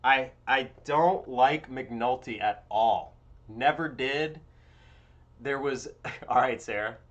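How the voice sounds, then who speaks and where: A young man streams live, offering casual, blunt commentary full of profanity, lurching between loud outbursts and quiet muttering. The recording is slow and muffled.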